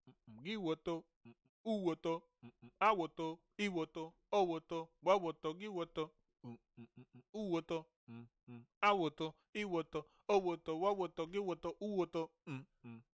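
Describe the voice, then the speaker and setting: A man's voice: fairly high pitch, a bit bright, smooth, dry recording, clean studio sound. A man teaching vocabulary in a casual lesson, patiently repeating each word many times. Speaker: language teacher. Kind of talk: informal language lesson, repeating words slowly.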